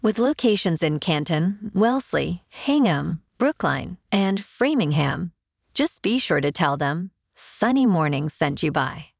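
A woman's voice: lowish voice, big pitch swings, measured pace, creaky, dry recording, studio quality. A woman hosting a podcast, reading scripted news and signing off in an upbeat, chatty way. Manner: upbeat, chatty sign-offs. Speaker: podcast host.

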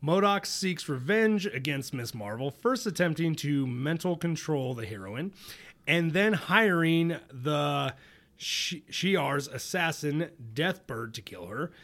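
Upbeat, animated man. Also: fairly high pitch, slow pace. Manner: animated, jokey, laughs often, mocks characters in put-on voices. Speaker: podcast co-host. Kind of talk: casual chat recapping comics.

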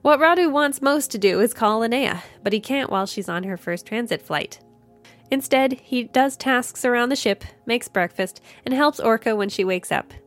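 A woman narrating a science fiction story in a steady, measured reading. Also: on the high side. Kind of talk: audiobook narration. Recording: faint music behind. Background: faint music.

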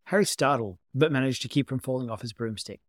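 A man reads fan fiction aloud as an audiobook, calm and even, with a middle pitch and a fast pace. The recording is dry and close with no echo or room sound, like an amateur reading at home.

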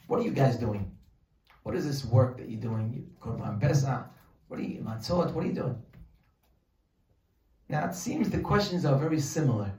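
A man teaching a Torah class, animated and acting out the people in his stories. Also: mid-range voice, moderate pace, long pauses, recorded from a distance. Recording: echoey room, voice from off the mic.

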